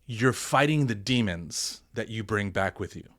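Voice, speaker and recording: A man's voice: on the low side, expressive, a little slow, fairly bright tone, no echo, studio quality. A man, a pastor and military veteran, telling his story in a candid podcast interview with earnest emphasis.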